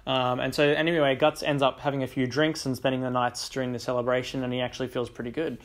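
Young male reviewer, mid-pitched, casual rambling recap style. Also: little pitch movement, fast. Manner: loose, rambling retelling with many ums and likes. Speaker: book and manga reviewer.

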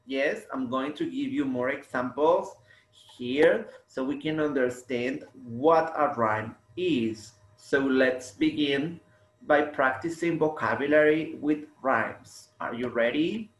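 A man teaching a slow English lesson to young students, stretching words out and repeating them for the class to copy. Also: mid-range voice. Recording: echoey room.

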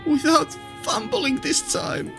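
A man raising his voice high into a young woman who is crying. Her words come out quivering and sniffly as she presses for the truth. Faint game music sits underneath. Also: slow pace, gravelly, pushed and bright, exaggerated voice. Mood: pleading. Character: tearful young woman, heartbroken but hopeful. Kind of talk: reading a visual novel aloud.

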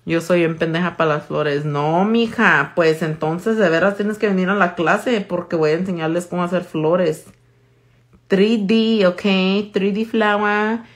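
A woman, chatting casually with viewers and swearing freely while she demonstrates her work on a live tutorial. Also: fairly low pitch. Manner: casual, swears freely, switches between English and Spanish. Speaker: nail artist.

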